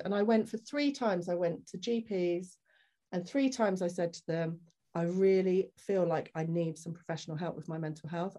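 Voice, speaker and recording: A woman guest on a podcast, telling a personal story candidly and acting out the people in it. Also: on the low side. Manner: animated, acts out the people in her story.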